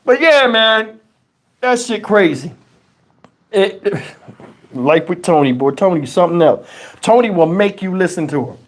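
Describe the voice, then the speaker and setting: Middle-aged guy ranting on his livestream, cussing a lot, worked up and animated. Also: high-pitched, measured pace, long pauses. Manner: animated, profane, exasperated storytelling. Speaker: YouTube channel host. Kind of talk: casual livestream storytelling.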